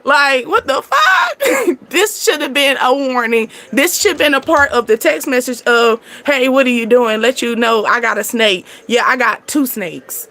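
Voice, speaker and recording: A woman doing a casual tarot reading, chatty and animated, breaking into laughter as she tells stories. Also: fairly high pitch, normal speed, few pauses. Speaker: tarot reader.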